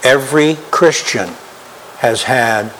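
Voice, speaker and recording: A man preaching a sermon as pastor, emphatic and slow, asking the congregation rhetorical questions. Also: mid-range voice, a bit bright. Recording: long hall reverb, faint room noise.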